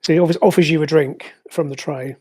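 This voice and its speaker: A game master narrating a tabletop game, pausing often with fillers and restarts. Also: medium pitch, fairly even intonation, a little mellow, slightly rough. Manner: hesitant, many fillers and restarts.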